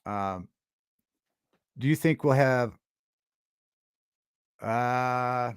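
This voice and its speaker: A man chats loosely on his own livestream. He starts sentences over and drifts between topics. His voice sits at a middle pitch and sounds close and dry, with no room around it. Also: clean tone, no echo. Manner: rambling, halting, with many restarts and chat shout-outs. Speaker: livestream host. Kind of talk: casual livestream chat with viewers.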